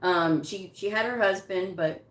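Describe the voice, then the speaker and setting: A woman's voice: medium pitch, unhurried. A woman telling a personal story in a casual, chatty way, laughing often and quoting what people said to her. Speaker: medical coding vlogger. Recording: echoey room.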